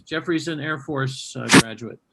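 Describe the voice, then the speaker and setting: A man's voice: mid-range voice, moderate pace. A man hosting an online comedy show, bantering dryly and teasing the comics between sets. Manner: dry, teasing, chuckles a lot. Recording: noisy video call line.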